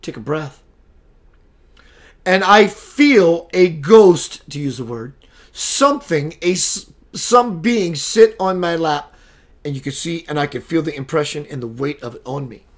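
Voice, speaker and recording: A middle-aged man hosting a spiritual live show, telling stories in a lively way, acting out the voices he quotes, and greeting viewers by name. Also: a little high, measured pace. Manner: animated storyteller, acts out quoted voices, reads out viewer names. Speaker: spiritual talk show host. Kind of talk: casual live-stream monologue.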